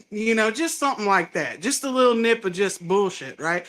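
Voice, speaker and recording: Southern male comic, high and bright, lively anecdotes with acted-out quotes. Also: a little fast, hardly any pauses. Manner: animated storytelling, laughs often, acts out quotes. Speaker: stand-up comedian, guest. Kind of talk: casual chat.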